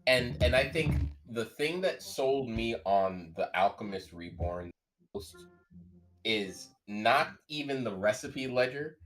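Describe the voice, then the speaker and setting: A man's voice: medium pitch, lively intonation, takes it slowly, a bit bright. A man co-hosting a casual roundtable chat, playfully riffing on jokes. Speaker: dungeon master co-host.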